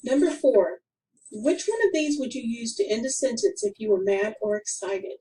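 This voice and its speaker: A woman reading a grammar lesson for children aloud, in a careful, deliberate way with clear pauses. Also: a little high, big pitch swings, dark tone, far from the mic, slight background noise, low-quality recording. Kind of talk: slow scripted instructional narration.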